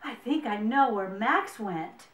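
A woman's voice: a little high, expressive, slow pace, fairly bright tone, reverberant. A woman voicing a worried, doubting animal friend who talks in a skeptical way. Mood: doubtful.

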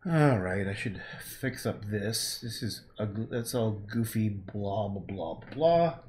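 A man's voice: lowish voice, takes it slowly, a little mellow, a little hiss or hum. Rambling, swearing man painting live. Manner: rambling, swears freely, talks to viewers and himself. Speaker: painter livestreaming. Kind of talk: casual livestream chatter while painting. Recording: echoey room with faint ambience.

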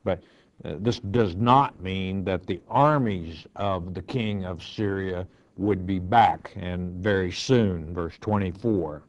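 An older man, a pastor, teaching verse by verse from the Bible, reading scripture aloud and then explaining it in an unhurried way with frequent fillers. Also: low-pitched. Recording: dull lo-fi recording.

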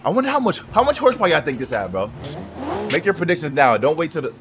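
Man, gameplay commentary, profane outbursts, wildly swinging and fairly high voice, noisy audio. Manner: loud, excitable, profane, quick outbursts. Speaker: gaming YouTuber. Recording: noisy game audio behind the voice.

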